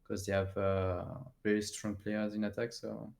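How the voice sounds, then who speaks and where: A man with a French accent, a player answering post-match interview questions in halting English and often searching for words. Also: lowish voice, level tone, creaky, darkish tone.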